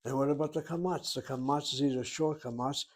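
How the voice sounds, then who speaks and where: A man of middle pitch gives a Hebrew grammar lesson. He works patiently through each syllable and spelling, reasoning aloud like a teacher at a whiteboard. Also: steady tone, a little fast. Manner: methodical, talks through each step aloud. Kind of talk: grammar lecture.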